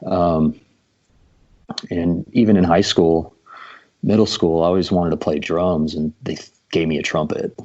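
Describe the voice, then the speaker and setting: A man's voice: sits low, fairly even intonation, measured pace, a little mellow. A man of about forty, a guest drummer, telling stories in a casual podcast chat, laid-back with lots of ums. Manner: laid-back storytelling with many fillers. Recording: dull lo-fi sound.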